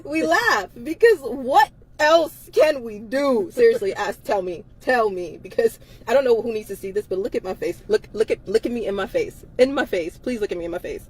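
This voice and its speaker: A woman's voice: mid-range voice, quick pace, few pauses, darkish tone, slightly rough. A tired woman on a livestream, talking emphatically and repeating herself with laughs between phrases. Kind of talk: livestream monologue.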